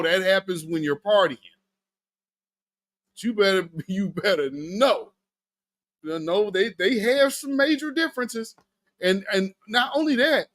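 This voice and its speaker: A man hosting a live stream, giving casual political commentary, talking to his chat and laughing often. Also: sits high. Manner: animated, laughing, talks to chat. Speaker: livestream host.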